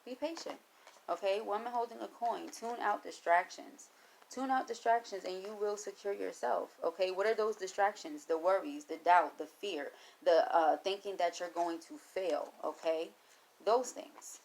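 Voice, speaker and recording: Gravelly-voiced woman giving a tarot reading. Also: medium pitch, moderate pace, low-quality recording. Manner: encouraging, repeats phrases like mantras; spiritual, addresses Spirit aloud. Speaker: tarot reader. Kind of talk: tarot card reading to viewers.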